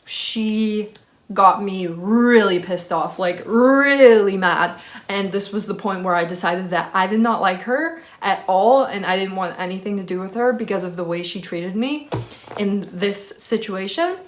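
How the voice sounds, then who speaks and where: A woman's voice: medium pitch, unhurried. A young woman casually telling a roommate story to her channel, chatty with lots of fillers and an exasperated tone.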